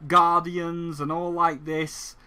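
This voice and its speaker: A taunting video game, played by a man, that mocks the player with insults. The voice sits high and sharp, jeering all the way through. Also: flat delivery, slow pace, clear, resonant tone, heavily acted. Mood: mocking.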